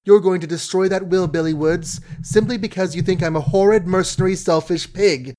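A man reading an audiobook, voicing a proud, quick-tongued young woman in a raised voice with brisk, emphatic delivery. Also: high-pitched, steady tone, mellow, voice pushed up, close to an everyday voice. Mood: spirited.

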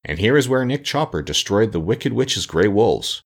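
A man voicing a kindly, wise male scarecrow king for a storybook reading, in a gentle, thoughtful manner. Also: fairly low pitch, lively intonation, normal speed. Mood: reflective.

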